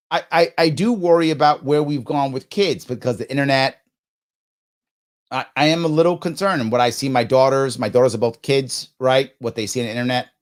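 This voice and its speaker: A middle-aged man whose voice sits a bit higher than most men's hosts a live stream, thinking aloud through quiz questions. He keeps interrupting himself to rephrase, chuckling as he goes.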